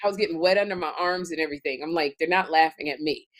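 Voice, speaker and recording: A woman's voice: low-pitched, racing. A woman co-hosting a comedy talk show, telling a funny story and acting out scenes in exaggerated voices. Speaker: podcast co-host.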